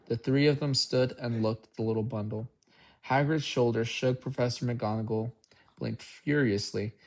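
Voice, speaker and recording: Male amateur audiobook narrator, unhurried, mid-pitched voice. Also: darkish tone. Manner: unhurried, occasional slips and restarts. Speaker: audiobook reader.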